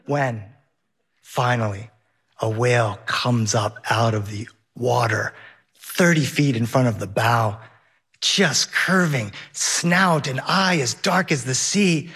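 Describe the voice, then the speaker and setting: A man telling a lively personal story on stage, vivid and laughing along the way. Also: medium pitch, unhurried, slightly rough.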